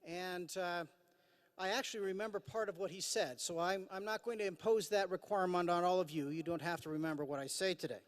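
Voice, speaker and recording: A man's voice: sits high, brisk. A man in his fifties giving a formal commencement address from a podium. He talks earnestly with dry self-deprecating humor and frequent "uh" fillers. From Idaho, USA. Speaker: commencement speaker. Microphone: podium microphone. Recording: long hall reverb.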